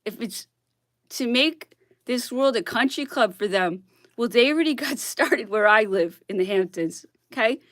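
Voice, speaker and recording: A woman's voice: fairly high pitch, expressive, moderate pace, a bit bright, dry recording, clean studio sound. A woman blogger on a casual, worked-up rant who keeps asking "okay?" and laughs between her points.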